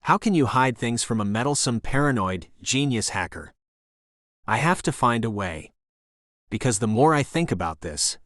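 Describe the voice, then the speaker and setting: A man reading a first-person romance audiobook in a steady, even narration. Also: medium pitch, no echo, studio quality.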